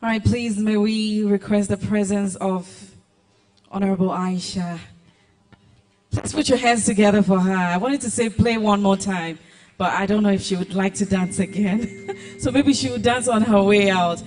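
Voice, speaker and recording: A man as master of ceremonies, speaking in a high voice, upbeat and playful as he calls on the crowd. Faint music plays behind him in the hall. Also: steady tone, moderate pace, darkish tone. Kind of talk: event hosting.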